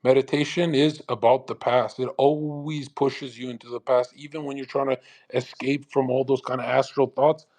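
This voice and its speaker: A brash man hosting a live audio chat, talking fast and profanely and mocking others with put-on voices. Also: mid-range voice, little pitch movement, a little mellow. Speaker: host of a live audio space.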